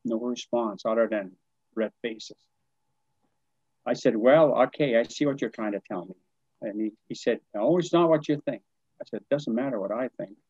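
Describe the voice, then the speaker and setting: A man's voice: mid-range voice, moderate pace, slightly rough, no room sound, dull audio. An older man from New Brunswick, Canada, a podcast guest telling a story from his life and acting out the dialogue with frequent chuckles. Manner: animated, acts out quoted dialogue, chuckles often. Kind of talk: storytelling in conversation.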